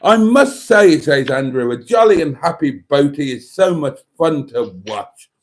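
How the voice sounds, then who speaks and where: Lively man hosting a livestream. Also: medium pitch, normal speed. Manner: reads viewer comments aloud, chatty and jokey. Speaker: livestream host. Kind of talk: casual livestream chat.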